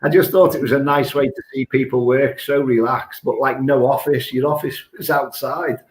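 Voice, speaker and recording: A man's voice: medium pitch, steady tone, moderate pace. British man, host, long rambling questions, roomy echo. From United Kingdom. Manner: rambling questions with repeated restarts. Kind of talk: casual interview chat.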